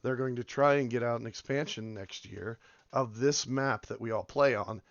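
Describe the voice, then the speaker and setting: A man with a hoarse voice from being sick, rambling casually as he comments on a game and drifts between topics. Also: medium pitch, moderate pace, no room sound, muffled recording. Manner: rambling, meandering, many fillers. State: hoarse from illness. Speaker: game video host.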